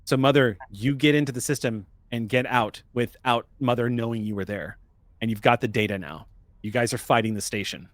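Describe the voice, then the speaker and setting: A man's voice: medium pitch, fairly quick, dry recording. Game master, male, patient rules explainer, mid-range voice, dry close mic. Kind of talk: running a tabletop game.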